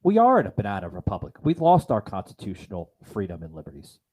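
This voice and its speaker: A man's voice: fairly low pitch, wildly swooping pitch, fast talker, darkish tone. A man hosting a political podcast in a fervent style, repeatedly calling his listeners folks. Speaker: podcast host.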